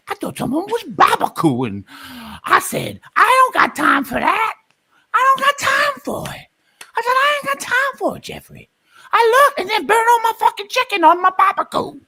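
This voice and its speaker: A man voicing a loud, sassy Southern woman at her barbecue, drawling and exclaiming in a put-on Southern accent. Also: very high-pitched, vocal fry, voice pushed up, exaggerated voice.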